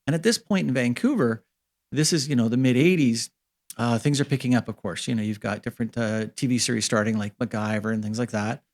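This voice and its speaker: A man in his fifties from Canada, a guest in an interview, telling stories from his career casually and acting out the dialogue with lively jumps in pitch. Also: a little fast. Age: 50s. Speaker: interview guest, special effects supervisor.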